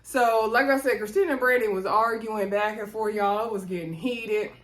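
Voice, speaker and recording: A woman's voice: fairly high pitch, normal speed. A woman hosting a casual reality TV recap in a chatty, gossipy retelling style. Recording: roomy echo.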